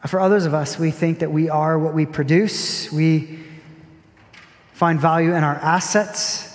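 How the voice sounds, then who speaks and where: A man's voice: a little high, steady tone, a little slow. Earnest man preaching in a reverberant hall. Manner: earnest, reflective preaching with repeated phrases. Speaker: pastor. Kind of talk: sermon. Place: church sanctuary. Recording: long hall reverb with soft music behind.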